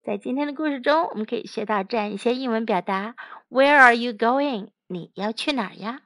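A woman English teacher reading a storybook aloud in a slow, clear, expressive way. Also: on the high side, no echo. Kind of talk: bilingual storybook read-aloud.

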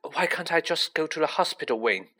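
Hurt, stubborn schoolboy wizard , a man reading, strained protests, raised lively pitch, bright tone. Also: a little fast. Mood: strained, protesting.

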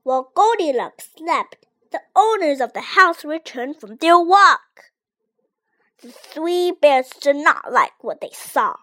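A child reads a storybook aloud with a high, lively voice that rises and falls a lot. The reading is slow and careful, each phrase set apart. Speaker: reader.

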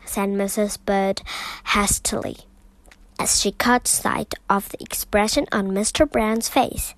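A woman narrating a children's storybook, reading aloud slowly and deliberately. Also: mid-range voice, no echo, low-quality recording.

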